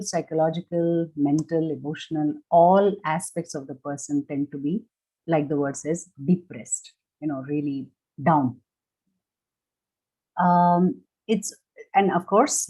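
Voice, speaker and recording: A woman speaks in a lowish, mellow voice as she leads a reflective workshop talk. She is gentle and measured and works through each idea step by step. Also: low-quality recording. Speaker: workshop speaker on grief and loss.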